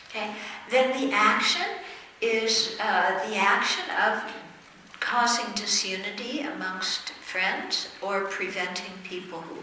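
Bright-voiced woman teaching in an echoey hall. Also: mid-range voice, a little hiss or hum. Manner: measured, checks in with "okay?". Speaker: Buddhist teacher. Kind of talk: Dharma teaching talk. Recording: echoey room, voice from far off.

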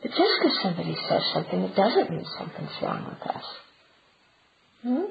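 A woman's voice: mid-range voice, sing-song, fairly quick, creaky. A woman giving a conversational Buddhist teaching talk, often checking in with her listeners. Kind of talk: dharma talk. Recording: roomy, dull and noisy.

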